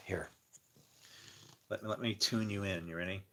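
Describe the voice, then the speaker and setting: An older man hosting a casual livestream, rambling, emotional and laughing often, swinging between loud and quiet. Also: fairly low pitch. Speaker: livestream host.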